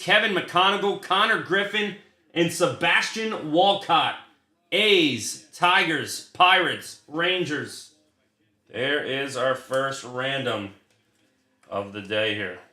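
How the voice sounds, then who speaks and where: Man, card break host, casual and profane, crisp bright tone, roomy echo, rattles off names. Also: fairly high pitch. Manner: chatty, swears freely, rattles off card lists. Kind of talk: casual livestream chat while opening cards.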